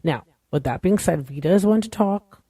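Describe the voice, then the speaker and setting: A woman with a lowish, warm, husky voice sounds animated at a normal speed, recorded in a clean studio with no echo. As podcast host she gives a casual show recap, rambling candidly and opinionatedly with lots of "like" and "you know."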